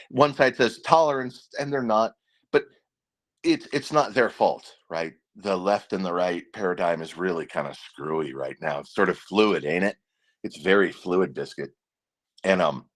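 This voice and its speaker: A man hosting his own channel, ranting in a casual political monologue, profane and rambling, restarting his words and swinging between muttered asides and excited outbursts. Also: fairly low pitch. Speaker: channel host.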